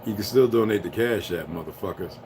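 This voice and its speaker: A man ranting to his viewers in a loose, profane monologue that swings between heated outbursts and low muttering. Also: a little fast, darkish tone, slight background noise. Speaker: vlogger. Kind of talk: rambling solo rant.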